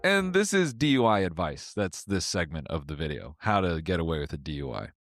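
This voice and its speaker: A man's voice: low-pitched, very animated, a little fast. A man giving comedic reaction commentary, joking and laughing with casual swearing. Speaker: commentary host.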